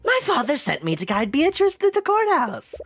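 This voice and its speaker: A woman voicing a poised, knowing young woman in a higher, smoother voice. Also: wildly swooping pitch, moderate pace, soft background music, exaggerated voice. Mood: smug.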